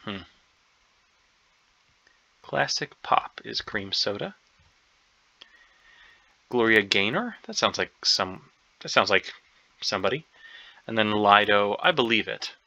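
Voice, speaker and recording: A man with a lowish, creaky voice solves a crossword aloud, speaking slowly with long pauses. He sounds expressive, bright, and forceful, yet hesitant and unsure, filling the gaps with ums and second guesses. The recording is dull, lo-fi, and free of echo.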